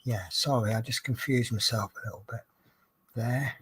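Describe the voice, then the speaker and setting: A man's voice: mid-range voice, normal speed, slight background noise. Male hobby vlogger, rambling casual storyteller, mid-range voice. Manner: rambling, chatty storyteller who restarts and corrects himself. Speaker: coach driver and crafting vlogger. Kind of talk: casual chat while diamond painting.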